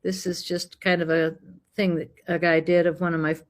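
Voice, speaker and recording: A lively American woman telling a story. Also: lowish voice, normal speed. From United States. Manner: lively, animated, acts out dialogue. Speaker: guest. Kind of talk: casual storytelling chat.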